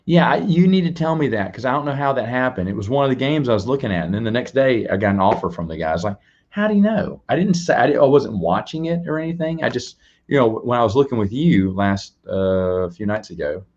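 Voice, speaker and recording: A man's voice: medium pitch, expressive, fast talker, darkish tone, lo-fi sound. A man hosting a casual live stream, rambling, restarting his words and chatting directly with viewers. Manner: chats to viewers and reads out donations. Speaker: live-stream show host.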